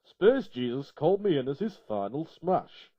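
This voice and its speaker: Man playing a booming Yorkshire God. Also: big pitch swings, moderate pace, slightly rough, dry recording, dull audio. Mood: hearty. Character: God, a cheerful, booming deity.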